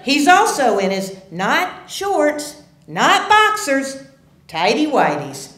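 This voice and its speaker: A woman telling a personal story at a live story slam, animated and swinging from hushed tones to loud outbursts. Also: high-pitched, slow pace, echoey room. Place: theater stage.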